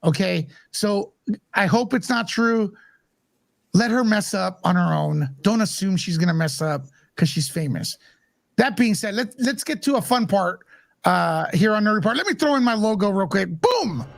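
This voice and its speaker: A man hosting a casual livestream chat, blunt and joking, quick to mock. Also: sits high, expressive, creaky, no echo. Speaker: show host.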